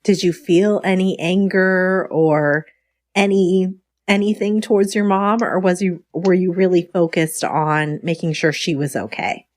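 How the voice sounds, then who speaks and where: A woman podcast host asking gentle, probing questions. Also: fairly low pitch, fairly even intonation, measured pace, dry recording. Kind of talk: interview questions.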